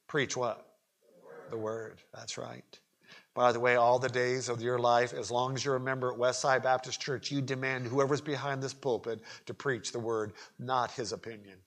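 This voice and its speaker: A man preaching a sermon at a church pulpit, swinging from quiet asides to shouted emphasis, with folksy humor and questions to the congregation. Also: mid-range voice. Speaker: pastor. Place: church sanctuary.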